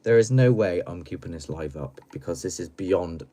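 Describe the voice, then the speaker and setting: A man hosting a late-night live stream from home, chatting in a rambling, giggly, playful way, swinging between loud bursts and mumbles. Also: low-pitched, animated, normal speed. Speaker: livestream host.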